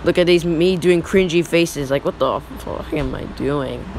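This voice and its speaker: A young male YouTuber in his teens giving rambling, excitable reaction commentary over old photos. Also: a little high, a little slow, a little hiss or hum, low-quality recording. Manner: rambling, excitable, repeats "look".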